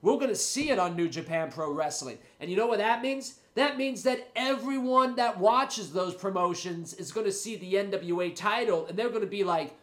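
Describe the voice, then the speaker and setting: Man, podcast host, has a cold, rambling and hyped, swears freely, high voice, roomy echo. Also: lively intonation, moderate pace, few pauses, a bit bright. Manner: rambling, hyped, salty and profane. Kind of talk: casual solo podcast talk.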